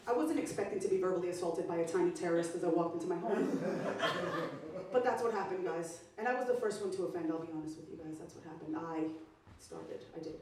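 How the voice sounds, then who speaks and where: A woman's voice: lowish voice, dark tone, a little hiss or hum. A woman comedian performing a stand-up set, with a brash, profane, punchy delivery. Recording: echoey club sound from far off.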